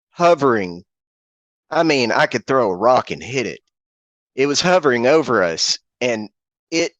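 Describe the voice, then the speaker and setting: A middle-aged man giving an earnest, halting personal account as a guest on a video call, often restarting and repeating his words. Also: medium pitch, dry recording. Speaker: guest witness.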